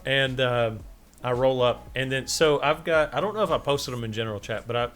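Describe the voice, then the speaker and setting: A man's voice: medium pitch, fairly quick. A man co-hosting a podcast, telling a story in casual chat and acting out the quotes as he goes. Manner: animated storyteller, acts out quotes, swears freely. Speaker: podcast co-host.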